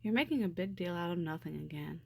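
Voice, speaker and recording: A woman voicing a fussy male crab guardian with a brisk, scolding manner, in a storybook reading. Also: fairly low pitch, lively intonation, vocal fry, dark tone, no room sound. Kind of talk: storybook read-aloud.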